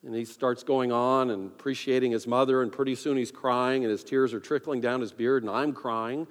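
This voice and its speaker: A man's voice: mid-range voice, fairly even intonation, normal speed. Man preaching in a reverberant hall. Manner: conversational, self-deprecating, acts out his own inner thoughts. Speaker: pastor. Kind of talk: sermon storytelling. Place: church sanctuary. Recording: long reverb of a large hall.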